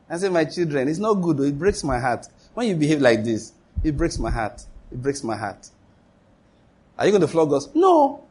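A man preaching a sermon as pastor, emphatic, asking rhetorical questions and leaping up in pitch for exclamations. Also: darkish tone, husky.

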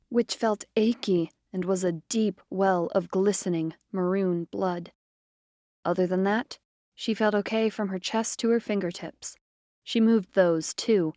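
A woman narrating a short story in a measured, expressive reading. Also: mid-range voice, no echo, studio quality. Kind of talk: scripted fiction narration.

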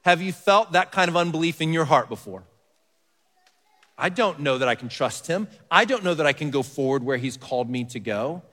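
A man preaching a sermon as pastor, reading scripture softly and building to earnest emphasis. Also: on the high side, animated, normal speed. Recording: long hall reverb.

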